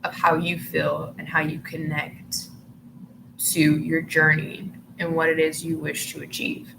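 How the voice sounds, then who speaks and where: A woman's voice: low-pitched, monotone, a little slow, creaky. A woman giving a casual tarot reading to her viewers, chatty and full of "like" fillers, who sometimes breaks into giggles. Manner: chatty, filler-heavy, often says "like". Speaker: tarot reader. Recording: noticeable background noise.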